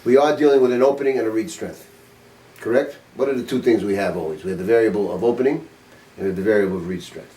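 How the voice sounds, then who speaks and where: An older man teaches a saxophone master class in a music studio, speaking bluntly and informally, quizzing his students and swearing casually. His voice is on the low side, dark in tone and quick, and the recording sounds roomy from a distant mic.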